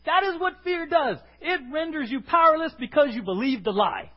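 A man's voice: very high-pitched, lively intonation, moderate pace. A male pastor preaching an emphatic sermon, firing questions at the congregation for them to answer back. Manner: emphatic, call-and-response questioning. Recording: dull lo-fi recording.

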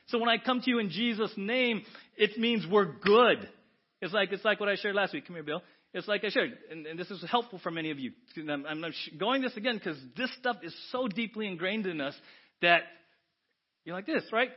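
Preaching from a church pulpit, a pastor moves between hushed asides and loud, lively exclamations at a fairly quick pace. His voice sits fairly high. The recording is dull and lo-fi, like audio captured in a church sanctuary.

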